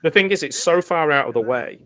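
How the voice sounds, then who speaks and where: A man hosting a casual film commentary, chatty and quick to laugh, often trailing off mid-sentence. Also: on the high side, animated, fairly bright tone. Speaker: host.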